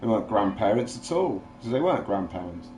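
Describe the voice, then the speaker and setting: A man's voice: on the low side, very animated, fast, warm tone, slight background noise. A man in casual chat, rambling and agitated, swearing freely as he vents. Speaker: livestream host.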